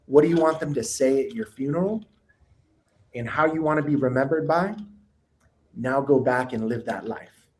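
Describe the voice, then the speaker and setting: A man, a guest on a podcast, speaks in a mid-range voice. He gives sincere, reflective advice in a relaxed, casual way. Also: mid-range voice, normal speed, pauses often, poor audio. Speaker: guest, business owner.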